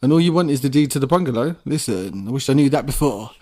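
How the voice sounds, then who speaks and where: A man's voice: mid-range voice, lively intonation, quick pace, warm tone. A man co-hosting a podcast, chatting casually in a rambling, profane, laid-back way. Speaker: podcast co-host. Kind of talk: casual chat.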